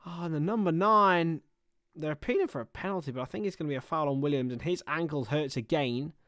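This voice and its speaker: A man with a slightly high voice calls a football match live for a streaming audience. He moves between quick play-by-play and chatty, self-mocking asides. The sound is dry and close, with no room echo. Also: animated. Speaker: livestream football commentator. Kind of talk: casual live match commentary.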